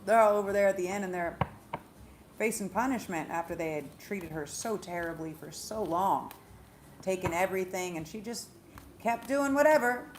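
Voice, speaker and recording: A woman, a spiritual reader, retelling a story in a profane, animated monologue. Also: mid-range voice, moderate pace, noisy background. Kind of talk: casual monologue vlog.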